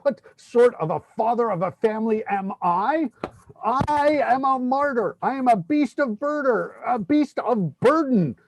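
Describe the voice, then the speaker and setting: A man's voice: extremely high pitch, animated, measured pace, exaggerated voice, low-quality recording. A man voicing a desperate, overworked male clerk in a play reading, ranting breathlessly about his burdens. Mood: despairing. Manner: exasperated ranting, breathless complaints.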